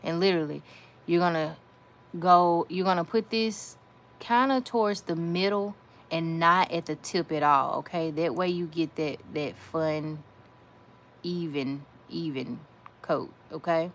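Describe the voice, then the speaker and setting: A woman gives a casual nail art tutorial, chatting away, repeating her phrases and calling her viewers y'all. Her voice is lowish and unhurried, with faint noise in the background.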